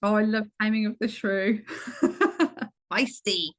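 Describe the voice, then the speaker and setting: A woman's voice: mid-range voice, steady tone, slow pace. A woman co-hosting a podcast in casual chat, encouraging and chiming in with short replies. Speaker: podcast co-host.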